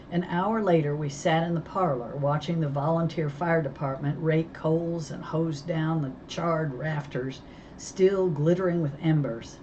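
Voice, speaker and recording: A woman reading a novel aloud in a measured, unhurried way with small stumbles, in a dull lo-fi recording with faint hiss. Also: deep voice, dark tone. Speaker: reader.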